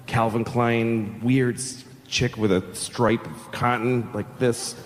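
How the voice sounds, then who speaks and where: A man's voice: mid-range voice, fairly even intonation, slow pace. A middle-aged man doing stand-up comedy, telling stories in a profane, conversational way on a big theater stage. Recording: echoing live hall, audience noise.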